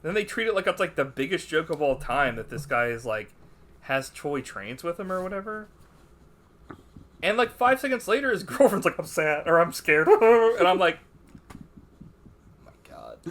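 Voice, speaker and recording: A man's voice: on the high side, very animated, brisk, fairly bright tone. A man co-hosting a podcast, reviewing a film in casual banter, swearing a lot and doing mocking impressions of the characters. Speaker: podcast co-host.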